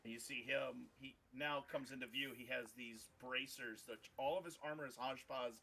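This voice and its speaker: A man's voice: mid-range voice, steady tone, normal speed, creaky, bright, forceful tone, a little hiss or hum. A man narrating a tabletop game as game master, rambling with many ums and uhs.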